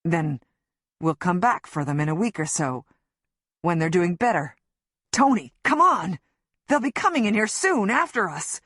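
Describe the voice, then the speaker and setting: A desperate, volatile man on the run, voiced by a woman reading an audiobook. He pleads, bellows orders and drops to low, hissing threats. The reading is unhurried and the sound is bone-dry, with no room around it. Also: sing-song, a bit bright, dry recording, heavily acted. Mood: urgent. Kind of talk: audiobook narration.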